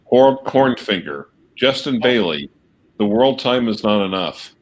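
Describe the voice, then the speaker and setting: With a fairly low-pitched, animated voice, a man speaks a little slowly as he co-hosts a livestream. He trades casual banter, cracks jokes and reads out viewers' jokey comments.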